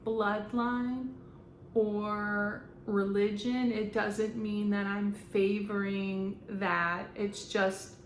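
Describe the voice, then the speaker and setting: A woman in her fifties, a medium, talking in a rambling, halting way with frequent fillers and laughter. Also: mid-range voice, little pitch movement. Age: 50s. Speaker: spiritual medium. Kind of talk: casual channeling monologue. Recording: echoey room with faint background noise.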